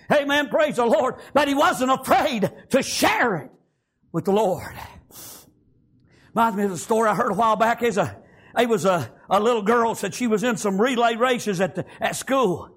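A man's voice: very high voice, fairly bright tone. A man preaching a sermon, telling stories with fervor and filling his lines with "praise God" and "amen.". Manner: fervent, frequent "praise God" and "amen", storytelling.

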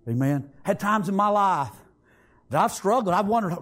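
A man giving a fervent sermon testimony, swinging from shouts to hushed tones and repeating phrases. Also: high voice, animated, moderate pace.

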